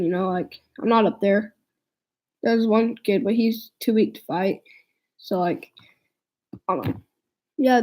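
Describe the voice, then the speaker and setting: A woman's voice: on the high side, dark tone, low-quality recording. A teenage girl telling a storytime vlog, rambling along with lots of "like" fillers and restarts. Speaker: vlogger.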